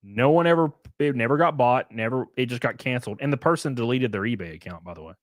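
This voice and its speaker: A man hosting his own podcast, telling a long story in a casual, animated way, swearing freely and acting out the phone calls he made. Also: medium pitch, quick pace, no echo. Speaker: streamer and podcast host.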